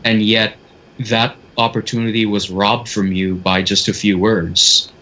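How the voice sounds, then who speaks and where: A man's voice: lowish voice, flat delivery, pushed and bright, slight background noise. A man co-hosting a casual podcast over a video call, chatting and then reading a scary story in a suspenseful voice. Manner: reads in a slow suspenseful narrating voice. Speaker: podcast co-host. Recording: dull lo-fi call audio.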